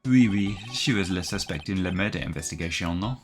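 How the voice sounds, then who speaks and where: A man voicing a charming male French restaurateur, with a deliberately over-the-top fake French accent, speaking slowly and suavely. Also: fairly low pitch, creaky, faint music behind.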